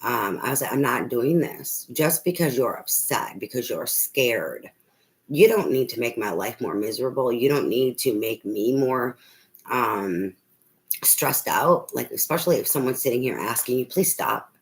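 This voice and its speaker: A woman's voice: very deep voice, expressive, normal speed, low-quality recording. Blunt, swearing middle-aged woman venting. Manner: blunt, swears often, emphatic, many restarts. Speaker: tarot reader. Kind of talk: emotional personal venting monologue.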